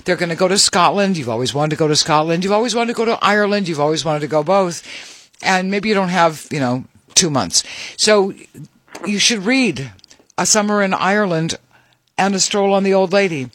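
A man hosts a relaxed radio interview. His voice sits a little high and he keeps the talk upbeat and chatty. The sound is close and dry, with no room around it. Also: brisk, dry recording. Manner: chatty, upbeat, reads station IDs. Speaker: radio host.

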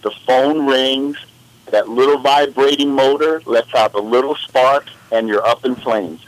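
A man's voice: medium pitch, unhurried, dry recording, low-quality recording. A man co-hosting a radio show, rambling in casual chat and getting worked up as he tells stories. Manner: animated, rambling, exasperated storytelling. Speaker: radio co-host.

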